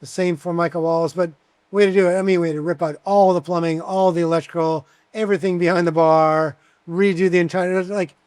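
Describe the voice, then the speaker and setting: A man around sixty, a bartender guest telling animated stories in a casual interview, with plenty of fillers. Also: high-pitched, a little fast, clear, resonant tone, dry recording. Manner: chatty, animated anecdotes with many fillers.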